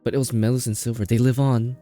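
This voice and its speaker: A man's voice: mid-range voice, level tone, fast talker, dark tone, soft background music. A man live-streaming a video game, chatting casually and playfully, laughing often and reacting to the story and his chat.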